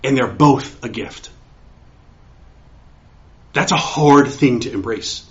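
A man preaching a sermon in an excitable way, often restarting and repeating words as he works through a passage. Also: medium pitch, slow, long pauses. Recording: dull lo-fi recording.

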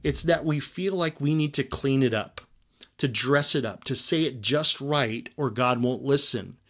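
A man preaching a sermon as pastor, talking conversationally and often checking in with the listeners with a quick "right?". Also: mid-range voice, fairly bright tone.

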